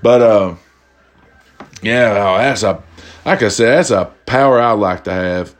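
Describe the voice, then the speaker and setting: A young man casually telling stories to his audience, animated and profane, acting out the voices of the people he quotes. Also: lowish voice, unhurried. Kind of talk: casual storytelling monologue.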